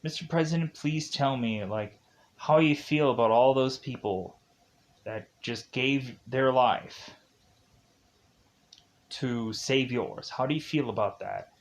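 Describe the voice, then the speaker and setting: A weary, hard-edged male antihero speaks slowly and flatly, as a man retelling a film quotes him in his own voice. The lines come in a casual, unpolished way, loose with fillers. The pace stays slow. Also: mid-range voice.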